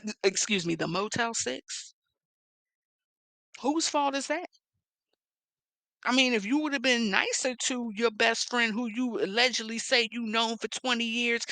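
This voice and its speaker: A woman's voice: on the high side, measured pace, sharp tone, dry recording, clean studio sound. A woman with a Philadelphia accent, ranting at someone on her vlog in a confrontational, mocking, profane way. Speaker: vlogger.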